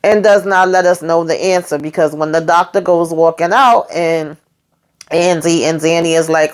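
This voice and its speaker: Donna chiacchierona che racconta un episodio. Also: female voice, lowish voice, fairly even intonation, normal speed, clear, resonant tone. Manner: chatty, slangy, addresses viewers directly; acts out characters' lines while retelling. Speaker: YouTube host. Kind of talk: casual TV episode recap.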